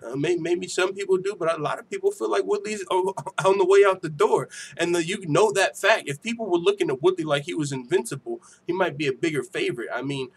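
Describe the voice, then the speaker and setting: A man hosting a casual livestream, reading viewer comments aloud with profane, laughing, animated banter. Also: high-pitched, fairly quick, hardly any pauses, slightly rough. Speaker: MMA show host.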